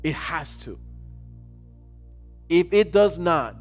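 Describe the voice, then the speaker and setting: A male pastor delivering a sermon with a fairly high voice, driving his points home through repeated phrases that swell into loud, emphatic questions. Soft music plays faintly underneath. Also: sing-song, slow, pauses often.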